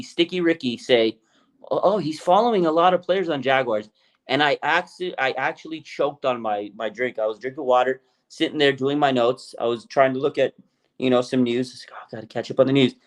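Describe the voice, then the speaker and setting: A man's voice: mid-range voice, fairly quick. Man, casual livestream host, laughing, mocking, reads chat comments. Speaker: sports show host. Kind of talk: casual live-stream commentary.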